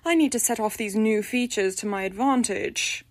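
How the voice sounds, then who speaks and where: A woman's voice: fairly high pitch, normal speed, no echo, close to an everyday voice. A woman voicing the prim, haughty spirit of an old-fashioned lady from a bog body, speaking with formal, peevish diction in a storybook reading. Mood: derisive.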